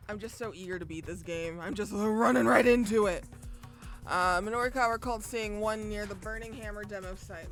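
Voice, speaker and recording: Casual, foul-mouthed young woman streamer. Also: mid-range voice. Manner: casual, profane, joking. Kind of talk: live game streaming chat.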